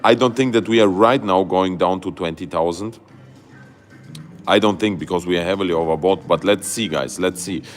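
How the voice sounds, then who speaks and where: Low-voiced man streaming live chart commentary. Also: normal speed, soft background music. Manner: excitable, loose grammar, many fillers and "guys". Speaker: crypto livestream host.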